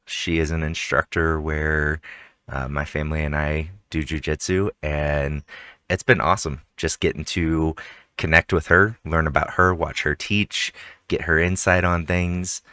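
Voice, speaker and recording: A man's voice: very deep voice, fairly even intonation, unhurried, pushed and bright, no room sound, studio quality. A man hosting an interview podcast, upbeat and casual, chuckling now and then. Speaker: podcast host.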